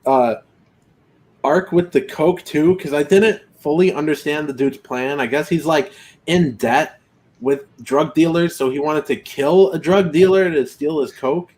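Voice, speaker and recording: A man's voice: on the high side, darkish tone. A man co-hosting a casual movie podcast, laughing a lot and reading out viewer comments. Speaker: podcast co-host reading chat. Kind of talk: casual chat about movies.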